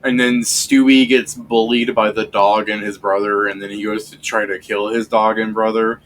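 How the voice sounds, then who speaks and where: A man's voice: lowish voice, little pitch movement, moderate pace, fairly bright tone. A man running a tabletop game, chatting loosely and profanely between turns and acting out the lines in his stories. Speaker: dungeon master and streamer. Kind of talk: casual out-of-game banter.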